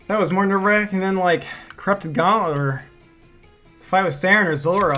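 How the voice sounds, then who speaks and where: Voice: mid-range voice, brisk, bright, forceful tone, soft background music. A gaming video creator talking to viewers, breathless and shaky with nerves and relief, repeating exclamations and rambling. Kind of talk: casual gameplay commentary to viewers.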